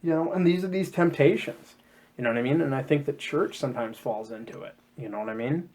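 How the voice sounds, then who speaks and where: A man co-hosting a casual podcast chat about scripture, jokey and animated, often acting out quotes in silly voices. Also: mid-range voice, fast talker. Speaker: podcast co-host.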